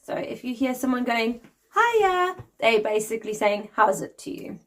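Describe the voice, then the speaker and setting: South african lady in her 40s chatting to camera, friendly, bit of a higher voice. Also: little pitch movement, moderate pace. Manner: friendly and chatty, laughs lightly. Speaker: vlogger. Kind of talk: casual explanatory vlog.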